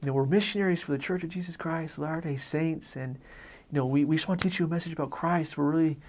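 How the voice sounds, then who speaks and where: A man voicing his excited young missionary companion, bubbly and talking over people. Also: fairly high pitch, fast talker, very noisy, voice pushed up, lightly acted. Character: eager young male missionary, overexcited.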